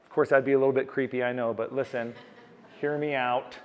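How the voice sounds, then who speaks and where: A man's voice: medium pitch, fairly even intonation, brisk. A man preaching a sermon as pastor, earnest, restarting and repeating key phrases for emphasis. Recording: long hall reverb.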